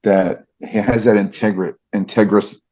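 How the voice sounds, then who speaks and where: A man's voice: lowish voice, fairly even intonation, normal speed, a little mellow. A middle-aged man, a podcast guest, telling stories earnestly and reflectively with many restarts. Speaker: podcast guest, fight announcer. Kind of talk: casual interview storytelling. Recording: dull lo-fi podcast audio.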